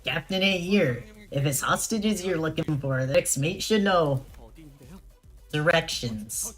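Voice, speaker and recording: A rough, swaggering pirate sailor, voiced by a streamer reading game dialogue growls out threats in a gruff drawl. The voice sits a little higher and louder than the streamer's usual talk. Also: lively intonation, unhurried, faint music behind.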